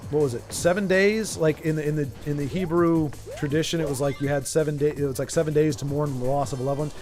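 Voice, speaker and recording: A man with a high voice chats as he plays a game, rambling and animated, with frequent stammered restarts. Game music sits faintly behind him. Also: fairly quick, few pauses. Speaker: streamer. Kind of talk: casual chat while gaming.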